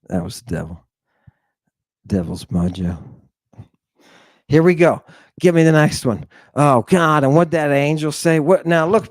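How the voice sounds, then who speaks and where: Slow, mocking man preaching to his listeners. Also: a little high, darkish tone, no room sound. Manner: theatrical, mocking, preacher-like exhortations to the audience; rhetorical questions, drawn-out emphasis. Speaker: podcast host. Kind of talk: animated commentary on scripture.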